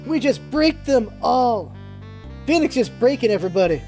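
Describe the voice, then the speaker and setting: A woman's voice: fairly high pitch, very animated, moderate pace, darkish tone, soft background music. A woman reading game dialogue aloud between jokey asides, trying out character voices as she plays. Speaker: let's play streamer.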